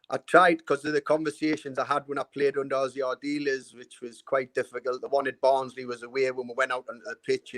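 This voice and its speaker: A former football manager spinning anecdotes on a call and laughing at them. His voice is bright and fairly high, and the sound is close and dry. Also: no room sound. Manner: anecdotal storyteller, laughs at own tales. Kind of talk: casual chat on a video call.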